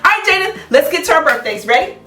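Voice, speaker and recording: A woman's voice: sits high, sing-song, fast talker. A woman teaching a children's Sabbath school class, chatting playfully and teasing as she talks through the lesson with a child. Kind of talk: casual chat with a child. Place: church. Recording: echoey room, distant mic, soft music.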